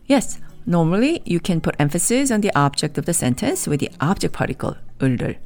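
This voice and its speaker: A woman teaching a language lesson, explaining grammar in measured, clear scripted narration and repeating example sentences slowly. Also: fairly low pitch, sing-song, darkish tone, soft background music.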